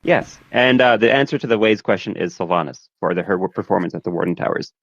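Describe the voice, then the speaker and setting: A man leaving a podcast early as a guest, hurried and apologetic, on a dull, lo-fi remote line. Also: on the low side, creaky, fairly bright tone, dry recording. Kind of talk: casual podcast chat.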